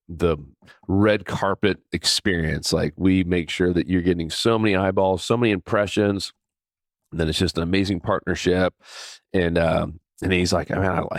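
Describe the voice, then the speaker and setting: A man's voice: low voice, vocal fry, dry recording, studio quality. A man hosting a podcast, telling a personal story in a casual, conversational way with many fillers and restarts. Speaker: podcast host.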